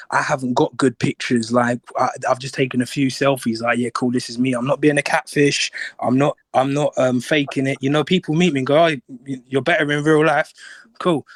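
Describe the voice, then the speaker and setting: A man's voice: mid-range voice, dry recording. A young man in casual chat, rambling and leaning on "you know what I mean" fillers. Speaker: caller in an audio chat room.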